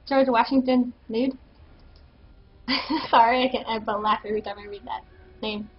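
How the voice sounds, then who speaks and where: A woman's voice: fairly high pitch, steady tone, normal speed, muffled recording. A woman with a French Canadian accent, chatting and giggling often while she plays a game on stream. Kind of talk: casual gameplay commentary.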